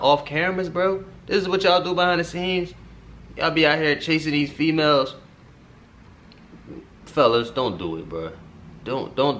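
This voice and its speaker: A man's voice: on the high side, fairly bright tone. A man hosting a music reaction video, talking casually and directly to his viewers in slang, sometimes drifting into earnest advice. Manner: slangy, talks straight to viewers, repeats "you feel me"; earnest advice-giving, preachy streak.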